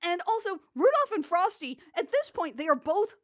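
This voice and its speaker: A woman's voice: extremely high pitch, sing-song, normal speed. A woman co-hosting a casual podcast, giving dry, sardonic commentary. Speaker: podcast co-host.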